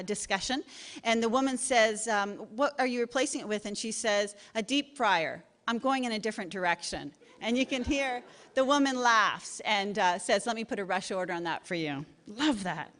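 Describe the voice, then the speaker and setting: A woman's voice: medium pitch, fairly bright tone, big-room sound. A woman giving a short humorous talk on advertising to a live audience, with wry asides. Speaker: presenter.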